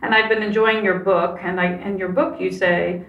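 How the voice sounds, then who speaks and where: A woman's voice: medium pitch, steady tone, moderate pace, gravelly, fairly bright tone, dull audio. Woman podcast host, echoey room. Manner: friendly, conversational, brief acknowledgements. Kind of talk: podcast interview. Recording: roomy sound with faint music.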